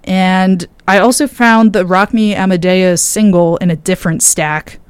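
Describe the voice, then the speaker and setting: A woman's voice: medium pitch, fairly even intonation, unhurried, clean tone, no echo. A tired young woman DJ chatting casually on air between records, rambling and interrupting herself. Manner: rambling, self-interrupting, with many fillers. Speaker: radio DJ.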